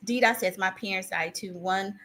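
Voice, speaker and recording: A woman's voice: medium pitch, normal speed, sharp tone, poor audio. A woman hosting a casual live stream, reading out viewers' chat messages. She talks emotionally in rambling restarts and calls herself a crier.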